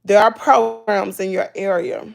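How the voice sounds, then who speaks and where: Animated Southern woman with a gravelly voice. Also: mid-range voice, measured pace. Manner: animated, folksy and preachy, repeating herself for emphasis. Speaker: YouTuber talking to live chat. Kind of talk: casual livestream chat.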